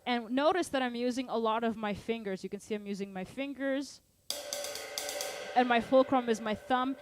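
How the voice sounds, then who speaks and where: An energetic woman teaches a drum lesson, counting beats aloud and calling out to her students. Her voice sits a little high for a woman, and a drum kit rings out clearly behind her. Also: normal speed, music in the background. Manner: energetic, calls out counts and asks for engagement. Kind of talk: live online drum lesson.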